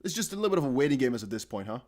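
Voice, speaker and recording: A man's voice: medium pitch, very animated, racing, darkish tone. A man hosting a casual live stream, chatty and jokey, thinking aloud with many fillers. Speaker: crypto livestream host.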